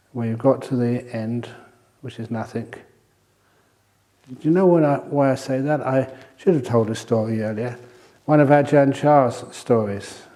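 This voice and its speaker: Older male meditation teacher, mellow and warm in tone, unhurried storytelling with gentle humour at a retreat talk. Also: mid-range voice. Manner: humorous storytelling, relaxed and chatty. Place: retreat centre hall.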